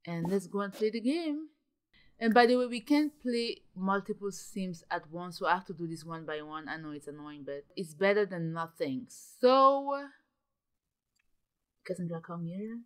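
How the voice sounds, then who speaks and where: A young woman giving dramatic, excitable commentary while playing a life-simulation game, often gasping and exclaiming. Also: on the low side, normal speed, clean tone. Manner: dramatic, gasps and exclaims, ends points with "okay?". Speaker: gaming YouTuber.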